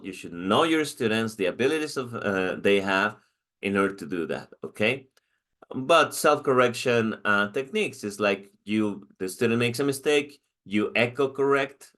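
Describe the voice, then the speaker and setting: A man's voice: on the low side, a bit bright. A man with a Mexican accent and Spanish as his first language, explaining a lesson as a teacher, with frequent restarts and "okay?" check-ins. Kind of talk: recorded lecture.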